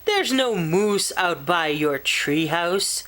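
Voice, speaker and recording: A woman voicing a startled, grumpy father just woken from sleep in a storybook read-aloud, squeaky and flustered. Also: expressive, slow pace, fairly bright tone. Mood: dismissive.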